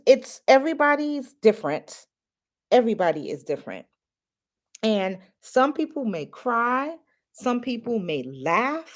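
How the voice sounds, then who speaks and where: A middle-aged woman chatting casually through a hair tutorial, confiding and full of fillers, recorded on a phone. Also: medium pitch. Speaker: natural hair vlogger.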